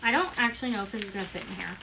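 A woman's voice: medium pitch, racing, vocal fry, background noise. A woman packing orders on a livestream, talking casually and reading viewer comments aloud.

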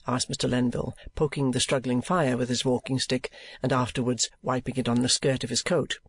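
A man narrating an audiobook in a measured, expressive reading. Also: medium pitch, dry recording.

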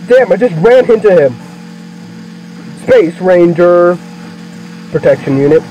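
A young man doing let's play commentary, excitable, swearing constantly and yelling at the game. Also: high voice, fast talker. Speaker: gaming video creator. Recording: muffled lo-fi mic with game music. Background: game music.

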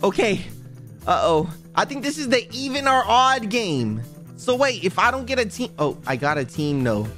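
A man giving casual, excitable gaming commentary, repeating himself and talking straight to viewers. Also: high-pitched, normal speed, soft background music. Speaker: gaming YouTuber.

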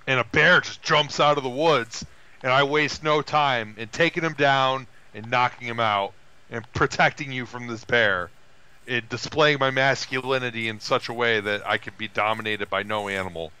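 A clean-toned man's voice comes through poor audio as he co-hosts a podcast. He chats casually, animatedly walking through a film's plot and quoting characters in high, affected voices.

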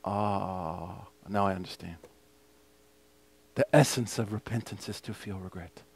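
A man's voice: low-pitched, a little slow, gravelly, a little mellow, slightly rough. A man teaching a mosque class as imam. He explains a hadith text in English and recites the Arabic passages.

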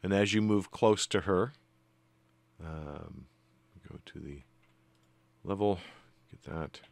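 A man narrating as game master of a tabletop game, relaxed and full of fillers. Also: low voice, takes it slowly, vocal fry.

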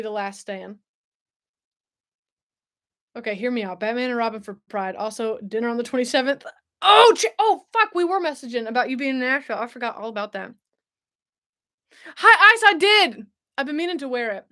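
A woman's voice: fairly high pitch, expressive, moderate pace, long pauses, pushed and bright. A young woman hosting a casual livestream, bubbly and chatty, laughing often and answering viewers. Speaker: host.

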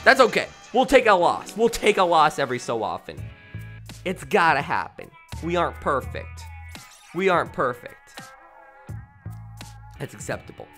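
A man streaming a video game late at night, tired and rambling, with sudden bursts of shouting. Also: on the high side, sing-song, normal speed, pauses often, faint music behind. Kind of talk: live gameplay commentary.

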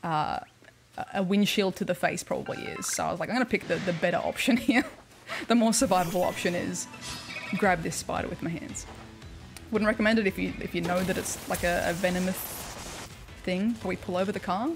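A woman's voice: fairly low pitch, a little fast, gravelly, music in the background. A young woman with an Australian accent, chatting casually and telling stories during a gaming livestream, laughing often. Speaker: streamer.

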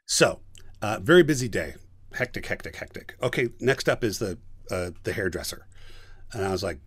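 A man's voice: lowish voice, brisk, slightly rough, no echo. A man who directs and teaches voice acting, telling a story in a casual podcast interview and acting out the people in it. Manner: animated storyteller, acts out quoted voices.

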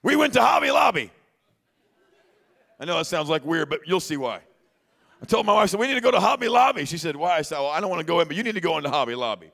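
Gravelly high-voiced preacher man. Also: very animated, quick pace, a faint crowd. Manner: storytelling, swings from quiet to shouting. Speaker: pastor. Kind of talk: sermon. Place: church sanctuary.

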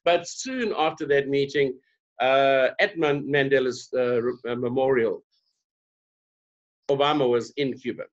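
A man's voice: mid-range voice, a little slow. A man from South Africa, a diversity trainer, telling stories in casual conversation and acting out the dialogue in his anecdotes. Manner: animated, acts out dialogue in voices. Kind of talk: conversational storytelling. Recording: dull lo-fi recording.

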